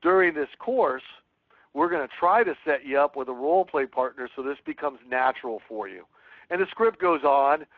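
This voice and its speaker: A man's voice: a little high, lively intonation, moderate pace, dry recording. Earnest man coaching over a tinny line. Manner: earnest, reads sample calls aloud and coaches. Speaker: real estate sales trainer. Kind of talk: webinar teaching with script role-play.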